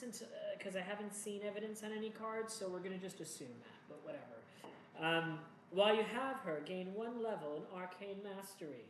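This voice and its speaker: A man's voice: high-pitched, lively intonation, moderate pace. A man talking through a solo board game playthrough, chatty and rambling, with jokey asides to himself. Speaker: board game player and host. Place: home room. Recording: echoey room with faint noise.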